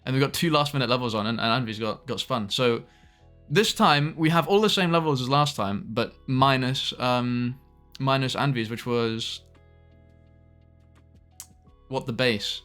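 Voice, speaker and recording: A man's voice: medium pitch, unhurried, fairly bright tone. Young British man, casual live-stream chat, rambling and friendly, faint music underneath. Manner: chatty, greets viewers by name, laughs often, trails off mid-sentence.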